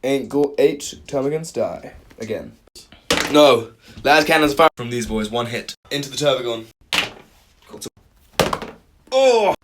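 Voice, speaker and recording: A man playing and commentating a tabletop wargame, talking excitedly with loud bursts of cheering and groaning at dice rolls. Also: medium pitch, measured pace, long pauses, background noise.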